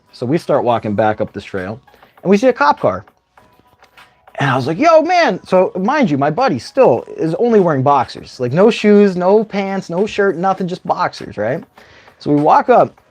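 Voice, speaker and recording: A man's voice: fairly high pitch, a little mellow. Rambling male livestream host telling a story. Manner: rambling, tags lines with "right?". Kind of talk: casual storytelling.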